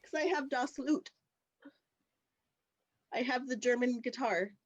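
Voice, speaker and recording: A woman's voice: high-pitched, takes it slowly, highs cut off. A woman playing a tabletop game, thinking aloud and sometimes hesitating. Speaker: player.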